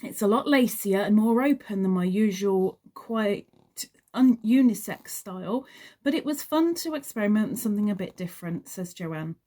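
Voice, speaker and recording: A woman's voice: medium pitch, animated, warm tone. A woman reviewing a crochet magazine, reading bits aloud and wandering into chatty asides. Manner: chatty, trails off into asides, unhurried. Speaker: crochet vlogger.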